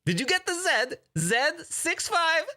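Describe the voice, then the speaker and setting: A man's voice: extremely high pitch, very animated, unhurried, pitched above the performer's own voice, heavily acted. A man putting on an exaggerated German accent to play a male call center colleague who reads out case numbers in a clipped way. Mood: officious. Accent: put-on German. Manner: clipped, repeats every Z loudly.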